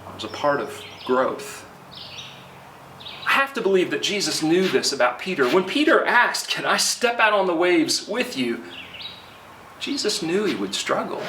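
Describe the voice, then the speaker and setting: A middle-aged man delivers a conversational sermon, pausing with the odd filler. His slightly high voice rises and falls a lot. He stands back from the mic, and the sound is roomy, with faint birdsong and outdoor noise behind him. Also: far from the mic. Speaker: pastor.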